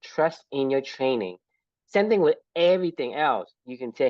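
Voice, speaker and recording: A man's voice: fairly high pitch, lively intonation, normal speed, a little mellow, no echo. A man co-hosting a podcast in a casual book discussion, reflective and laughing often. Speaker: podcast co-host. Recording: dull lo-fi dry sound.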